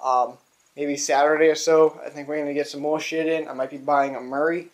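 A man with a New England accent talks through a mower repair in a garage, his voice a touch higher than most men's. He rambles with plenty of ums and the odd swear. The sound comes from a camera mic that drifts nearer and farther as he moves around. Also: level tone, fairly quick. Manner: rambling, profane, with many fillers. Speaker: small engine repair vlogger. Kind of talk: casual workshop chat.

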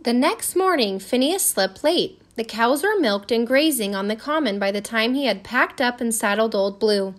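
A woman reading a storybook aloud with an expressive storytelling cadence. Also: a little high, moderate pace, hardly any pauses. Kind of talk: storybook read-aloud narration.

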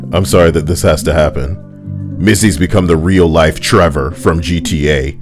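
A man's voice: sits low, normal speed, music in the background. A man hosting comedic reaction commentary in a sarcastic, joking way. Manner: sarcastic, jokey, laughs often. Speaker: commentary host.

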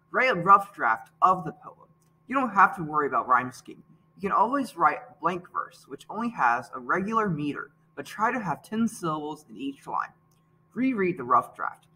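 A man reading a scripted writing lesson in a steady, explanatory way. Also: fairly high pitch, slightly rough. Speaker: writing tutor. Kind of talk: scripted narration.

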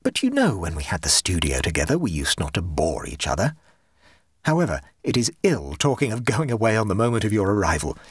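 A man reading the lines of a joyful, dreamy young gentleman in an audiobook ghost story, speaking them warmly and softly. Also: fairly low pitch, huge pitch swings, a little fast, husky, no room sound, studio quality, pitched below the performer's own voice, heavily acted. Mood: hearty.

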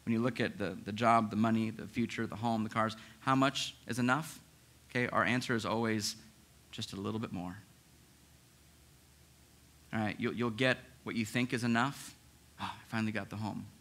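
A man preaching a sermon as pastor, in a lively, conversational way with frequent restarts. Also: fairly low pitch, moderate pace, pauses often. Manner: acts out listeners' inner objections.

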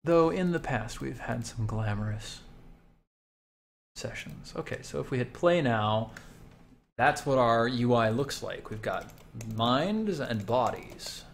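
A man of middle pitch talks slowly while he codes, thinking aloud and reading out messages from his viewers. He is at a computer desk, and the soft clatter of a keyboard sits under his voice with a faint hiss. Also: lively intonation, vocal fry. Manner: slow, thinking aloud, reading code and chat out. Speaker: game developer streamer. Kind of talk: casual live-stream talk while coding. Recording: faint background noise, keyboard typing.

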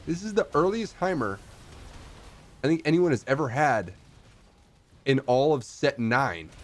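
An excitable male streamer talking through his game, his pitch leaping all over the place. He drops into low mutters and then bursts into loud yelps. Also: a little hiss or hum. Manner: excitable, swings from mumbling to shouting. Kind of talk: live gameplay commentary.

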